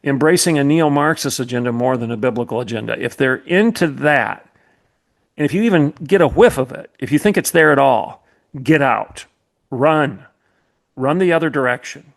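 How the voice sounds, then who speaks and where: Gravelly, emphatic male podcast host. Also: mid-range voice, animated, moderate pace. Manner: emphatic, repetitive, preacherly cadence. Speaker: podcast host, former college president. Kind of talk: impassioned commentary monologue.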